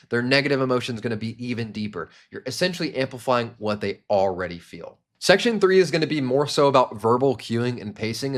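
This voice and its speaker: A young man teaching a sales training class in an energetic instructional monologue, now and then acting out short example lines. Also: on the low side. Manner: energetic, demonstrates tones with quick acted examples. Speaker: sales coach.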